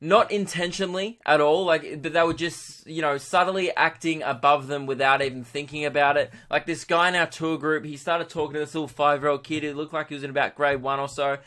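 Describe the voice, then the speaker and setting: A man's voice: on the high side, fairly even intonation, fairly quick, few pauses, pushed and bright. Sarcastic Australian man ranting. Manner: sarcastic, ranting, frequent swearing. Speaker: podcast host and comedian. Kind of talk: comic storytelling monologue.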